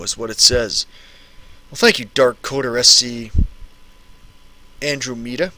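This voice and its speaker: A man's voice: mid-range voice, fairly even intonation, a little slow, long pauses, bright, forceful tone. A man in his thirties casually chatting on a live stream, answering viewer questions and rambling and repeating phrases.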